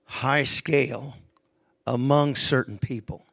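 A man preaching a sermon, emphatic, swinging between hushed stretches and raised, stressed lines. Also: medium pitch, steady tone, slow pace, creaky, dry recording.

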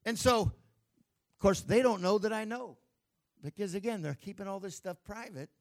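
A man's voice: high voice, normal speed. A man pastor giving a sermon, telling a story with emphatic preaching.

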